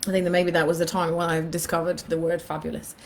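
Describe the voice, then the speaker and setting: A woman's voice: fairly low pitch, flat delivery, quick pace, gravelly. A woman in her thirties telling a personal story in a casual vlog, animatedly acting out her own thoughts. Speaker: vlogger.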